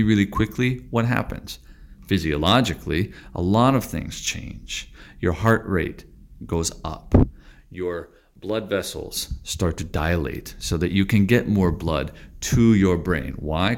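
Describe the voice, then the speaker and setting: A man teaching Tai Chi in a calm, deliberate monologue, slowing and stretching his words for emphasis. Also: deep voice.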